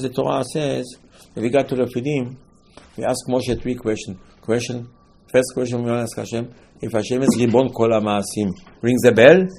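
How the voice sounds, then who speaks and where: A man's voice: mid-range voice, a little mellow, breathy edge. A man giving a Torah class sermon, telling stories and acting out dialogues with rising emphasis. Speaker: rabbi.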